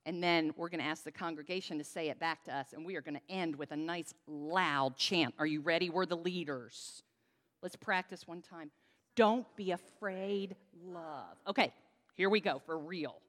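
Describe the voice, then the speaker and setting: Here a pastor offers a children's message in the church sanctuary, her low voice fairly bright in tone and moving at normal speed. She holds a microphone and guides the congregation through call-and-response, all under a long church reverb.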